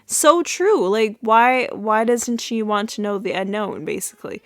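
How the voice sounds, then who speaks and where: A woman's voice: a little high, unhurried, hardly any pauses, no room sound. Chatty young woman recapping a show. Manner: chatty, many fillers and restarts, laughs at own retelling. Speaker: podcast host. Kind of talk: casual episode recap.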